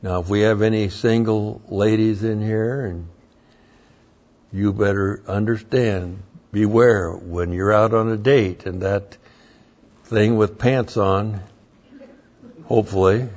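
A man's voice: fairly low pitch, fairly even intonation, slow pace, darkish tone, lo-fi sound. A man preaching a sermon, emphatic and blunt, with mocking asides.

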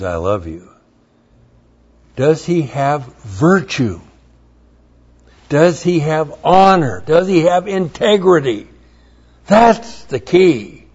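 A man's voice: a little high, darkish tone, slightly rough, lo-fi sound. A man preaching a sermon, emphatic and blunt, with mocking asides.

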